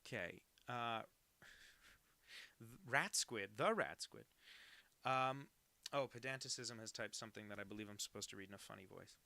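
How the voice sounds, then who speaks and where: A man's voice: lowish voice, fairly even intonation, normal speed, creaky, long pauses, bright, forceful tone. A young man in his twenties, a cartoonist on a live stream, chatting casually and self-deprecatingly while he draws and reads out viewers' messages.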